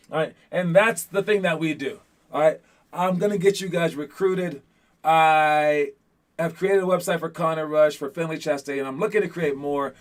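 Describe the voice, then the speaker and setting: A man coaching young basketball players in a casual pep talk, energetic and rambling, often checking in with "all right?". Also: on the high side. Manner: rambling, repeats words while thinking.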